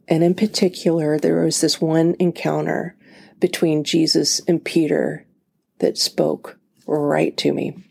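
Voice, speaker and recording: Podcast host, woman in her thirties, low gravelly voice, earnest conversational delivery. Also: a little mellow. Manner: earnest, conversational, acts out quotes in a higher voice. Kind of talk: personal faith talk.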